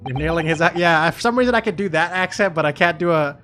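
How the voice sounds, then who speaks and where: A man's voice: fairly high pitch, quick pace, a bit bright. A young man streaming a game, cursing, joking and laughing as he comments on the story. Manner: profane, joking, laughs often. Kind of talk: casual gameplay commentary. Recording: game music underneath.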